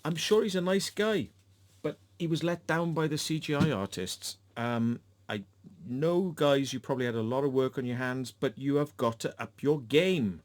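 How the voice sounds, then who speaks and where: A man's voice: medium pitch, moderate pace. Rambling, swearing man reviewing a film. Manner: rambling and profane, with many fillers. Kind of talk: casual rant review.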